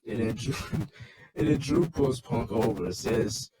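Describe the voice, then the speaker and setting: A man's voice: lowish voice, a little fast, background noise. A man casually recapping a wrestling show in a loose, rambling, swearing rant.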